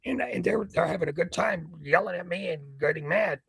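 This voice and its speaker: Older guy with a gravelly husky voice, telling stories all animated, slightly high pitch. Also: a little fast, dry recording, low-quality recording. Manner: lively storyteller who acts out scenes. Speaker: boxing ring announcer, guest.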